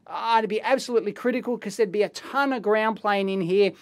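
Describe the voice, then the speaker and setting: An excitable Australian man talks through an unboxing in his lab. His voice sits fairly high, and he rambles along in a casual way, full of slang and exclamations. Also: fairly quick. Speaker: electronics video host. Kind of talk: casual unboxing and teardown commentary. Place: electronics lab, indoors.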